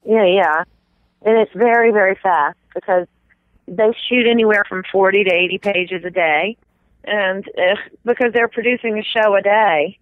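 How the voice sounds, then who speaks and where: A woman from the American South, a stage actress chatting casually as an interview guest, animated and quick to slip into little accent demonstrations. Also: mid-range voice, no echo. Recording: tinny phone-like dry sound.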